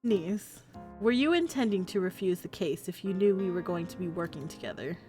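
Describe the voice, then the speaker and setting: A woman's voice: lowish voice, animated, moderate pace, mellow, faint music behind, natural voice. A woman reading the lines of a cold, stern young man in a visual novel, in a curt, biting manner.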